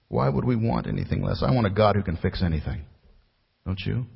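A man preaching a sermon as a pastor, building to emphatic peaks and then dropping low and quiet. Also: animated, fairly quick, gravelly, husky. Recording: muffled recording with long hall reverb.

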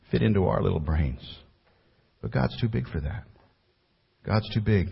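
A man preaching a sermon as a pastor, building to emphatic peaks and then dropping low and quiet. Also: lively intonation, a little slow, vocal fry, long pauses, slightly rough. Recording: muffled recording with long hall reverb.

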